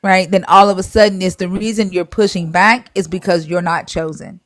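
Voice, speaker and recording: A woman's voice: on the low side, steady tone, moderate pace, a bit bright, no room sound, studio quality. A woman hosting a live stream, bluntly arguing and retelling scripture in casual slang with swearing.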